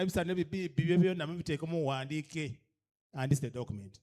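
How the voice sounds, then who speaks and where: A guest speaker at a leadership orientation, a man with a Ugandan accent, addresses cultural leaders in a voice on the high side, quick and a little mellow. He is emphatic, fires rhetorical questions at the room, and moves between English and a local language.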